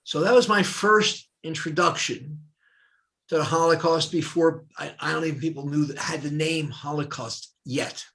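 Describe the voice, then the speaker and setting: A man's voice: on the high side, normal speed, gravelly. An older man from New Jersey, a retired professor, telling personal anecdotes in a dialogue as a guest. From New Jersey, USA. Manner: animated anecdotal storyteller. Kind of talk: storytelling in a dialogue.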